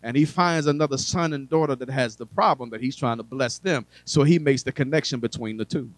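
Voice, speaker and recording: A preacher giving a sermon to a congregation, talking conversationally with humor and asides, swinging between quiet drawn-out phrases and loud emphasis. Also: male voice, mid-range voice, dry recording, poor audio.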